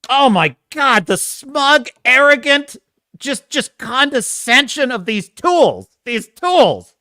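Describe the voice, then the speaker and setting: A man's voice: very high voice, lively intonation, takes it slowly, bright, forceful tone, no room sound, clean studio sound. A man hosting a podcast, reacting to video clips with sarcastic, exasperated ranting and frequent laughter.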